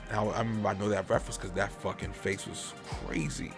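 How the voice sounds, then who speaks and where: A man's voice: medium pitch, quick pace, creaky, hardly any pauses, soft background music. A man hosting a podcast in casual chat, rambling and swearing freely as he airs his opinions. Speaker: podcast host.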